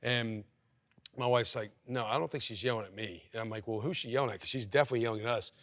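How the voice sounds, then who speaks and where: A man's voice: mid-range voice, fairly bright tone, dry recording. Easygoing storytelling football coach, man. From Kentucky. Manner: easygoing storyteller, quick asides. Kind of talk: casual interview and facility tour.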